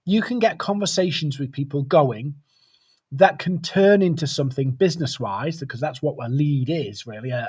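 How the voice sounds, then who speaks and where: A man's voice: a little high, slightly rough. A man hosting a live webcast, chatting casually and greeting viewers by name. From United Kingdom. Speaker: webcast host.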